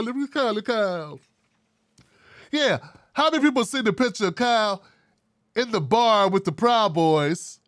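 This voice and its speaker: Male political commentator, fairly high voice, blunt and animated, dry close sound. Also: no room sound. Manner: blunt, animated, wry asides. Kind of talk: casual solo commentary.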